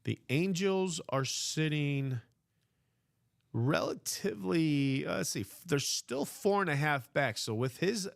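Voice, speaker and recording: A man's voice: on the high side, expressive, creaky. A man hosting a live card break stream, chatting casually and rambling with many fillers. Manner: rambling, slow, filler-heavy.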